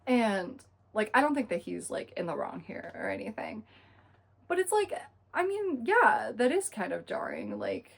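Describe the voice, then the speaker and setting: A young woman recapping a book in a casual, chatty way, full of fillers and quick asides. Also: medium pitch, wildly swooping pitch, vocal fry. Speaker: book reviewer.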